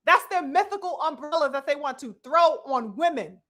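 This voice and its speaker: High, bright-voiced woman preaching emphatically. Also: animated, normal speed. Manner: preachy, emphatic, profane, addresses "brothers and sisters". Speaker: commentary host. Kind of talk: impassioned live commentary.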